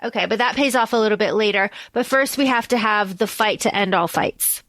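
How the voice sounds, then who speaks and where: A young woman co-hosting a podcast, recapping a movie in casual, animated chat, swearing freely and acting out the scenes. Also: medium pitch, fairly quick, dry recording. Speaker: podcast co-host.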